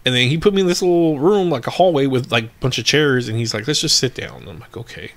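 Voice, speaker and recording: Male podcast host, gravelly mid voice, animated casual storyteller who swears. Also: mid-range voice, fast talker, background noise. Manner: storytelling with lots of acted-out quotes and laughs. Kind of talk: casual chat.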